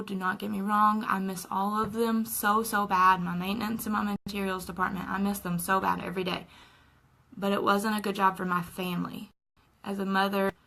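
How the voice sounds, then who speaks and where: A woman's voice: mid-range voice, vocal fry, pushed and bright, poor audio. A young woman chatting casually and earnestly while doing her makeup at home in a tutorial vlog. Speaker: makeup vlogger.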